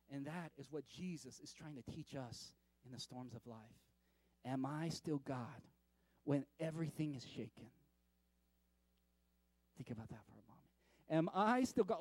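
A man preaching a sermon in a casual, conversational way, often repeating words and swinging from loud to hushed. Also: fairly high pitch, dry recording. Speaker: pastor.

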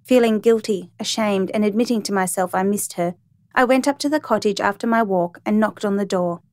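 Woman reading a story calmly. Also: medium pitch, a little fast. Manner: calm, even, reflective reading. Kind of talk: storybook narration.

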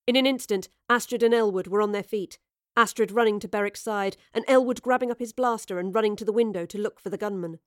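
A woman's voice: medium pitch, no echo. Woman narrating an audio drama, dry sound. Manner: steady, measured storytelling. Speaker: narrator and sole performer.

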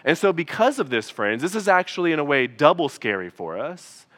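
Bright-voiced male pastor preaching. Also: fairly high pitch, sing-song, fairly quick. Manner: conversational, emphatic, addresses listeners as y'all. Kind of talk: sermon.

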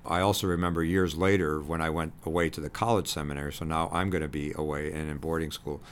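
A man with an extremely deep voice looks back on his childhood in an earnest, gentle way. This is an interview, with faint ambient noise behind him. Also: steady tone, quick pace. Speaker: bishop. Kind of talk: reflective interview.

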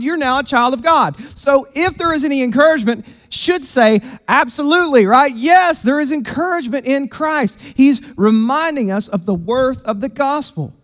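Guy preaching, kinda high voice, talks to the crowd casual but punchy, big hall echo. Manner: emphatic, conversational preaching. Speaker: pastor. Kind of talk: sermon. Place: church sanctuary.

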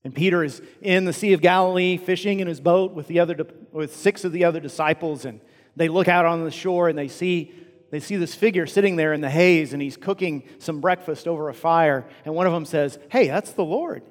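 A man preaching a sermon as a pastor, impassioned, swinging from loud to hushed. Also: fairly high pitch, brisk. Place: church auditorium. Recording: long reverb of a large hall.

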